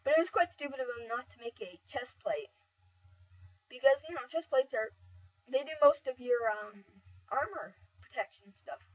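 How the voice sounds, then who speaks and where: Woman, high voice, excitable rambling gameplay commentator, dull lo-fi mic. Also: normal speed. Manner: rambling, excitable, frequent fillers and restarts. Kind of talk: casual game commentary over footage. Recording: dull lo-fi mic, slightly distant.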